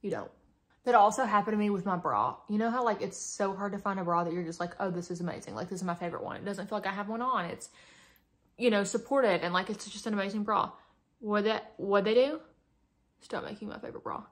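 A woman's voice: medium pitch, fast talker. A young adult woman doing a casual makeup vlog, chatty and dramatic with playful exaggeration, talking close to the camera at home. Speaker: beauty vlogger.

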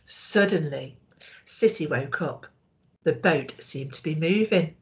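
A woman teacher reading a storybook aloud to young children, expressive and asking them questions. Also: low-pitched, takes it slowly.

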